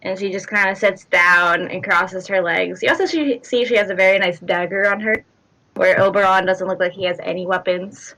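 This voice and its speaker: A woman's voice: mid-range voice, steady tone, normal speed, pushed and bright, poor audio. A woman running a tabletop game as game master, narrating scenes in a chatty way with many fillers and small laughs.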